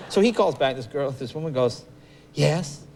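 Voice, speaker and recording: A man hosting a talk show, joking and stammering through quick restarts. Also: medium pitch, lively intonation. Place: television studio. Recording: studio with audience crowd.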